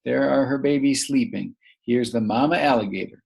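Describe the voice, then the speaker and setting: A man teaching a young English learner, reading a picture book aloud slowly and asking many encouraging questions. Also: medium pitch, gravelly, a little mellow. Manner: slow, encouraging, full of questions.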